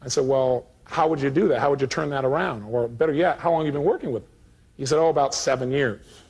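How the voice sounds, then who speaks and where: A man giving a live motivational seminar, telling a story and acting out both sides of the dialogue with animated energy. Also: medium pitch, fast, slightly rough.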